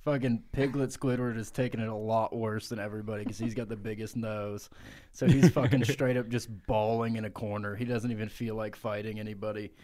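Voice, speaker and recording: A man's voice: fairly low pitch, steady tone, brisk, warm tone. A man improvising a crude comedic story on a podcast, matter-of-fact and profane. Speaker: podcast co-host.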